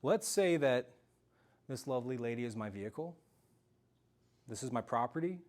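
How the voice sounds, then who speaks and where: A man telling a story in an animated, self-mocking way during a talk to a live audience. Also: medium pitch, moderate pace. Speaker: speaker giving a self-defense talk.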